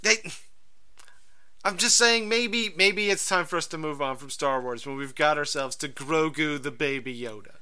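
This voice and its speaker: Bright, clear-voiced male podcast host. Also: a little high, moderate pace. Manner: animated, rambling storyteller. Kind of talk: casual chat.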